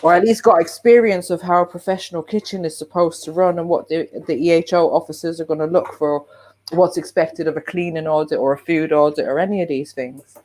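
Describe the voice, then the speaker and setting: A man's voice: on the high side, steady tone, brisk, darkish tone. Matter-of-fact man on a chat panel. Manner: explains matter-of-factly from work experience. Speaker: panel guest. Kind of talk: casual chat.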